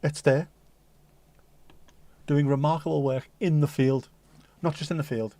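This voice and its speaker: A man's voice: on the high side, fairly even intonation, mellow, dry recording. Jokey middle-aged Liverpool man. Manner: jokey, rambling, quick asides. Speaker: livestream host. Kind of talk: casual chat to a live chat audience.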